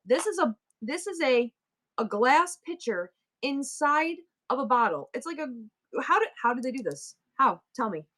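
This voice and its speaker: A woman's voice: sits high, big pitch swings, normal speed, a bit bright. Chatty New York woman selling live. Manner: chatty, playful, talks straight to viewers. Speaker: livestream seller. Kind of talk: live selling stream chat.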